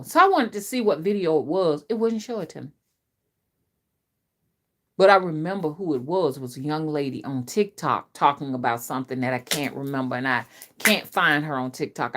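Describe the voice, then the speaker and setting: A middle-aged woman, a spiritual reader, talking to her viewers in a casual, rambling live-stream chat, often repeating herself, her voice rising and dropping sharply. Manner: chatty, repetitive, with big swings in pitch and loudness. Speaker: spiritual reader and channel host.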